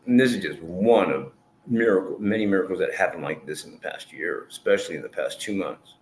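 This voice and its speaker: A man's voice: deep voice, a little fast. A man who streams, giving a rambling, earnest and emotional personal testimony and swearing freely. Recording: echoey room with faint noise.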